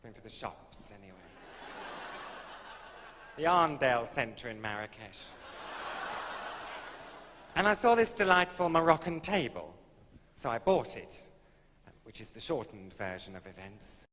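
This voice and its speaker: A camp comedian spins his tale on stage in a dry, arch voice full of innuendo. His voice sits at an ordinary middle pitch and rings with the long echo of a hall. A faint hiss lies under this old live recording. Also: sing-song, measured pace, long pauses, a bit bright. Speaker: stand-up comedian. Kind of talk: camp stand-up storytelling.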